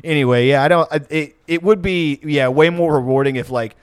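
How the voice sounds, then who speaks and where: A man's voice: a little high, a little fast, clear, resonant tone, dry recording, studio quality. Crude, rambling male podcast storyteller. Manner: rambling storyteller, swears a lot, laughs often. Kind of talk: casual chat.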